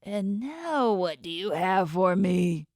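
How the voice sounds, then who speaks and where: A woman's voice: lowish voice, lively intonation, takes it slowly, warm tone, dry recording, clean studio sound. Woman reading a cold, menacing shark-toothed boss. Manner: cold, threatening, condescending. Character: menacing inhuman male boss with shark teeth. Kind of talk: audiobook character voice.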